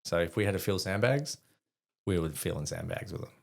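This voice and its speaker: Australian man, very low voice, gravelly, casual swearing storyteller, podcast guest. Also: animated, a little fast. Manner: swears freely, rambling anecdotes with quoted dialogue.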